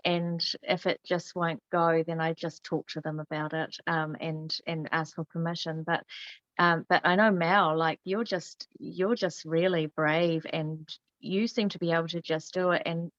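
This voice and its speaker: A woman's voice: on the low side, fairly even intonation, normal speed, dry recording. Woman, podcast host, chatty, laughs a lot, dry muffled sound. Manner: chatty, laughs often, fillers. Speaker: host, healer. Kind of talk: casual podcast chat.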